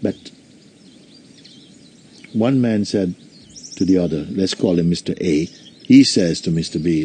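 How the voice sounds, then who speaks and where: A man, a spiritual teacher, giving a satsang talk and telling a story in a gentle, unhurried way. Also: low voice, animated, slight background noise.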